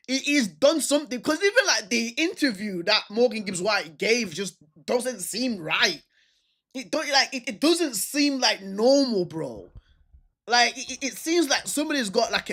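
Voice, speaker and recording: A young man co-hosting casual football talk, animated and repetitive, full of fillers. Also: high voice. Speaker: football video co-host.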